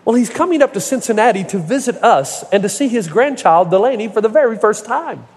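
A man's voice: sits high, expressive, fairly quick, a little mellow, slightly rough. A middle-aged male pastor preaching a sermon, telling folksy stories with humor and building to emphatic points. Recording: echoey hall reverb.

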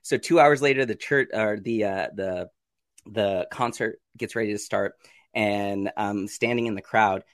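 A man, a podcast guest, telling his story in a casual interview, acting out his own reactions with sudden jumps in pitch and frequent laughs. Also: no room sound, clean studio sound.

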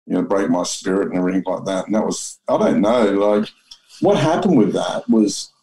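Gravelly deep Australian man. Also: moderate pace, mellow, low-quality recording. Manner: rambling, blunt, swears, many restarts. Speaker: interview guest. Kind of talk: storytelling in an interview.

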